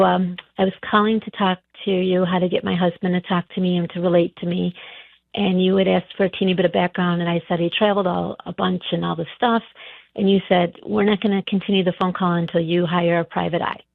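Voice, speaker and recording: A woman's voice: lowish voice, flat delivery, a little fast, vocal fry, dry recording. A middle-aged woman calling in on the phone to a radio show, telling her story hesitantly with many restarts. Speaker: caller. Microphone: telephone. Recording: tinny phone line.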